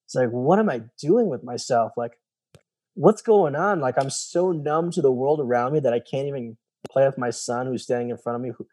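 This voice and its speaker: A man's voice: mid-range voice, a little fast, dark tone. A man, a former special operations soldier, telling his personal story candidly in an interview, acting out the voices of people he quotes and swearing casually.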